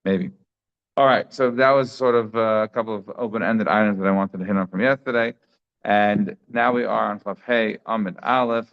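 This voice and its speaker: A man giving a daily Talmud class in a conversational way, thinking aloud with frequent restarts. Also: lowish voice. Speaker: Talmud teacher. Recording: slightly dull lo-fi sound.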